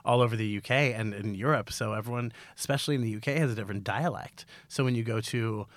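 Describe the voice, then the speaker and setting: A man's voice: lowish voice, fast, dry recording. A man, a drag performer, chatting playfully as a podcast guest and laughing often. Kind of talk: casual interview chat.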